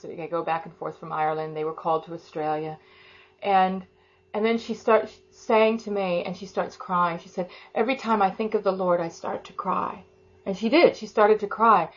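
A woman leading an informal devotional talk and prayer, soft and fervent, rambling with many restarts. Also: on the low side. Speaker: prayer and teaching leader. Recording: slightly dull lo-fi sound.

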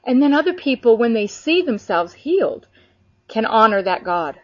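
Woman, higher voice, eager faith chat, lo-fi dry recording. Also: moderate pace, no echo. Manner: animated, earnest, many fillers. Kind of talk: casual faith conversation. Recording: dull lo-fi sound.

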